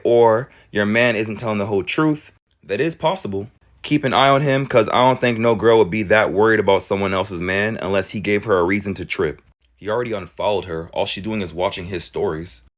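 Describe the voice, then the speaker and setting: A man giving reaction commentary to viewers, animated and full of rhetorical questions. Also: lowish voice, brisk. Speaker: commentary creator reacting to clips.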